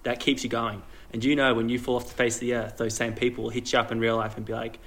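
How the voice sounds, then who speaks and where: A man's voice: medium pitch, little pitch movement, fast talker, few pauses, fairly bright tone. Aussie guy cohosting a chat podcast, jokey, laughs a lot. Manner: joking, self-mocking, laughs often. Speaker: podcast co-host. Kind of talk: casual banter.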